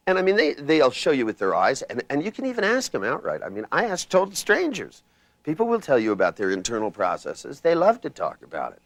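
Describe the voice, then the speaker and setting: Animated older man teaching a seminar. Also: mid-range voice, a little fast, no echo. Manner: rambling, anecdotal, acts out people's voices. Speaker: seminar trainer.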